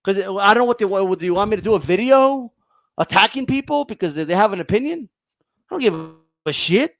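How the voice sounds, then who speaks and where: A man's voice: high-pitched, animated, fast talker, a bit bright. A man hosting a casual boxing livestream, ranting bluntly and profanely and reading viewer comments aloud.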